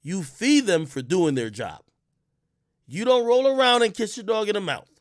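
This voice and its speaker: Man, from Jamaica, livestream host, casual rant, swears a lot, slightly high voice, dry close sound. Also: moderate pace, no echo. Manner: animated storytelling, swings between loud outbursts and mutters; swears often.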